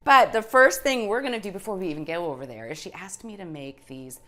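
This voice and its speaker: A woman's voice: on the low side, expressive, brisk, bright, forceful tone, soft background music. A middle-aged woman chatting casually as she demonstrates a recipe in her home kitchen. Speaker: cooking show host.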